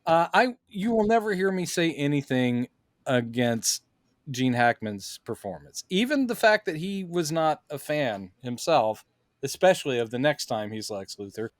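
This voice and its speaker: A man's voice: fairly high pitch, very animated, normal speed, no room sound. A man co-hosting a podcast in casual chat, acting out quoted lines with animation. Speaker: podcast co-host.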